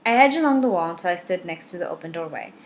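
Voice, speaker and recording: A woman's voice: on the low side, lively intonation, fast talker. A woman reading a novel aloud in first person, with a wry, dry delivery. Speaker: audiobook reader.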